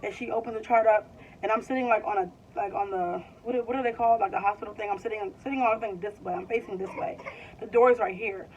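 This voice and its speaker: A woman's voice: medium pitch, steady tone, fast talker, a little mellow, slight background noise. A woman in her twenties casually telling a personal story, full of "like" and rambling restarts. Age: 20s. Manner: chatty, fills with "like", rambling restarts. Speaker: vlogger. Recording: slightly distant, dull lo-fi sound.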